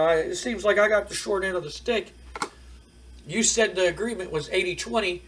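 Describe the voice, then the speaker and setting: A man plays a washed-up male wrestler who pleads through tears and trips over his words. The voice rides high and whiny. It sounds a little distant from the microphone. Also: a bit bright, slight background noise. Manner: pleading, stammering, tearful. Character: whimpering broke male ex-champion wrestler begging.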